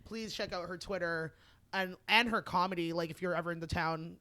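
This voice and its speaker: A woman co-hosting a podcast, chatting in a relaxed, playful way and swearing freely. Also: lowish voice, fairly quick. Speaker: podcast co-host. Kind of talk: casual chat.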